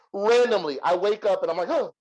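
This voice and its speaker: A young adult man hosting a podcast and telling a long story in a profane, animated way, laughing often. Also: high voice, poor audio. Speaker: podcast host. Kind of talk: casual storytelling.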